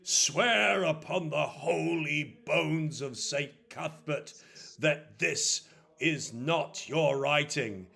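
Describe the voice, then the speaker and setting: A man voicing a stern, solemn older male churchman who speaks slowly and formally. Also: a little high, vocal fry, pushed and bright, husky, voice pushed up, exaggerated voice. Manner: slow, grave, formal pronouncements.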